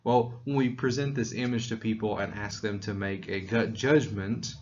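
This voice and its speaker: A man's voice: lowish voice, moderate pace, darkish tone, lo-fi sound, slight background noise. A man from Tennessee with a mild Southern accent, giving a conversational psychology lecture with fillers and restarts. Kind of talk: recorded lecture.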